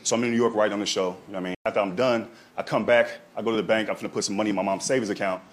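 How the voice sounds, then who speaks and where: A young man, a comedian, telling a long story in casual chat, animated and peppered with "right?" and "dog". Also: on the low side, racing. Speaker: stand-up comedian.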